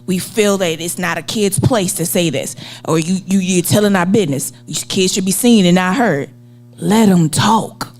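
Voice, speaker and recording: A woman's voice: fairly low pitch, moderate pace, faint music behind. Earnest woman speaking with conviction. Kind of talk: casual chat.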